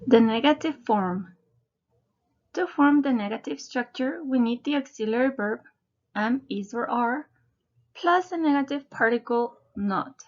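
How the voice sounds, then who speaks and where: Slow-speaking woman teaching grammar. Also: a little high, expressive, muffled recording. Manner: slow, deliberate, spelling out letters. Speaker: English teacher. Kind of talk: scripted grammar lesson narration.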